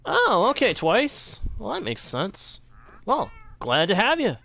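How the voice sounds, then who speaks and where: A man's voice: sits high, huge pitch swings, takes it slowly, vocal fry, sharp tone. A man streaming a video game, chatting casually and greeting viewers from chat in a friendly way. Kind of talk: live gameplay commentary with chat greetings.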